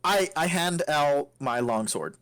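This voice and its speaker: A man's voice: a little high, lively intonation, slow, a bit bright. A man playing a tabletop game, chatting casually, hesitant and swearing now and then. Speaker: player.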